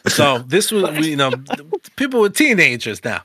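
A man chatting on a podcast, with a bright, forward tone. He tells rambling, profane anecdotes with lots of energy. The recording is close and dry. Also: a little high, big pitch swings, normal speed, no echo. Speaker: podcast co-host. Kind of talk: casual storytelling chat.

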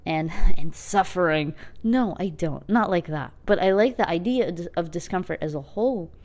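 A woman's voice: on the low side, expressive, brisk, a little mellow. A young woman hosting her podcast, chatty and self-mocking, rambling through a casual monologue. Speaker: podcast host.

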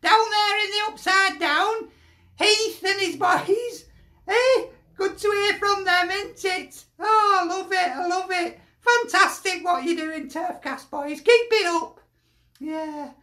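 A woman's voice: very high voice, takes it slowly, pushed and bright, echoey room. A woman with a Lancashire accent, a football fan sending in a chatty, jokey video message and laughing often.

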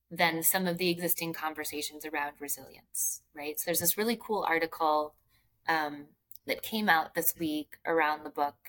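A woman's voice: low voice, fairly bright tone. A woman guest author from Philadelphia talking about resilience in casual interview chat, earnest and explaining with frequent "right?" and "like".

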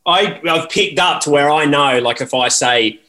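A man with an Australian accent, a professional angler chatting casually as a podcast guest, easygoing and quick to laugh. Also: on the high side, sharp tone.

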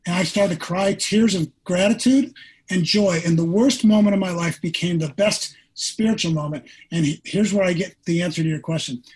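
A man in his sixties, a former pro quarterback, telling a personal story as a podcast guest, earnest and animated, acting out what people said. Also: high-pitched, normal speed, breathy edge, low-quality recording.

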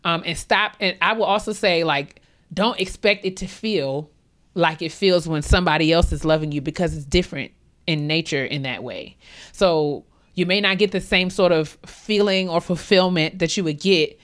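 A woman's voice: fairly low pitch, normal speed. A woman co-hosting a podcast, giving candid, rambling advice in slangy casual chat with laughs along the way. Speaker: podcast co-host.

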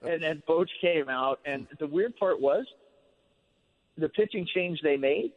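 A former ballplayer on a radio interview, telling a long story in a relaxed, rambling way full of fillers. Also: male voice, on the high side, a little slow, long reverb tail. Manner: relaxed, rambling, many fillers like "you know". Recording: phone-line sound on radio.

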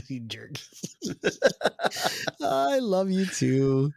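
Man, slightly high voice, jokey host. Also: huge pitch swings, extremely slow, creaky, dry recording. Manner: jokey, reads viewer comments aloud. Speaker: podcast host. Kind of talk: casual chat.

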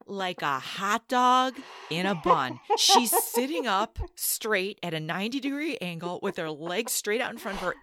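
A woman co-hosting a podcast, telling a family mishap in a lively, exasperated, laughing way. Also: medium pitch, no room sound, clean studio sound. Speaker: podcast co-host. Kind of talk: casual storytelling chat.

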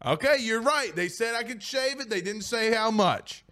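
A man with a high-pitched voice hosts a casual sports talk show on a studio mic. He reads out listener comments in an excitable, rambling way, laughing often and restarting his sentences. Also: normal speed.

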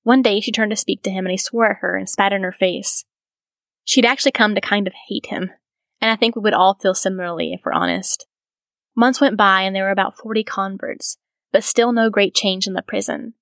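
A woman host reads a life story aloud, breaking in with earnest, reflective asides of her own. Her mid-pitched voice has a gravelly fry running through it. The recording is dry and close, with no room sound. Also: fairly even intonation, a little fast, a bit bright, dry recording. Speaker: podcast host. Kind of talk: reading a biography aloud with commentary.

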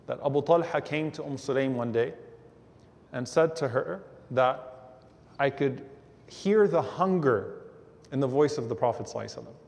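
A man with a somewhat high-pitched voice tells a story to an audience in a religious lecture. He brings it to life by slipping into the voices of the people he quotes. His words carry a long reverb from a large hall. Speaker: Islamic lecturer.

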